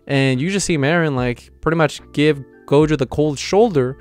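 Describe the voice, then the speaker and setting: Chatty young man with smooth voice. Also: medium pitch, moderate pace, hardly any pauses, soft background music. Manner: rambling, filler-heavy, enthusiastic. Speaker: manga reviewer. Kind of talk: casual video review.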